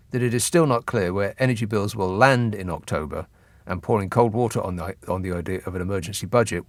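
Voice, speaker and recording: The satirical news commentary here comes from a radio phone-in host with a fairly low-pitched voice, adding sardonic, mocking asides as he reads. A studio microphone in a radio studio gives clean sound with no room noise.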